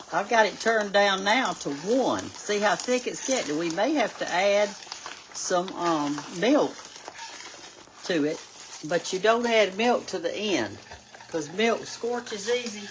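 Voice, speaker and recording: A woman's voice: medium pitch, noisy background. An older woman with a Southern US accent, chatting folksily while cooking in her kitchen as host of a cooking show. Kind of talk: casual cooking chat. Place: home kitchen.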